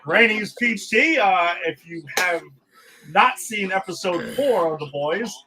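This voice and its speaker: A man's voice: high voice, lively intonation, a little slow, crowd noise, rough recording. A man hosting a podcast, chatting in an easygoing way, laughing often and using loose fillers. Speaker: podcast host. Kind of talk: casual podcast chat.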